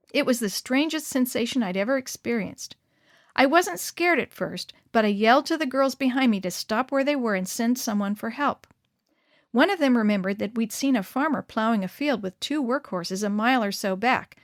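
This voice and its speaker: Earnest woman reading a story, bright pitch. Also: no echo, clean studio sound. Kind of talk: scripted first-person story reading.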